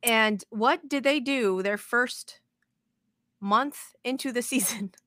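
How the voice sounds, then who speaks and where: A woman hosting a podcast in casual chat, excitable and rambling, with the odd swear. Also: on the high side, slow, no echo, clean studio sound. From moved to Texas as an adult. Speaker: podcast host.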